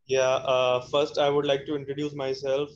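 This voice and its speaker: A man's voice: medium pitch, monotone, moderate pace, muffled recording. A man, a wedding planner speaking hesitantly with many fillers on a video call. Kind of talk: online panel remarks.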